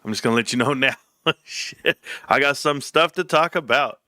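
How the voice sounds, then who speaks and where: A man hosts his own livestream and talks to his chat in a loose, rambling way. His voice is bright and forward, and it sits in a dry, close sound with no room around it. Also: mid-range voice, normal speed, no echo. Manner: rambling, laughs while telling stories. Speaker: livestream host.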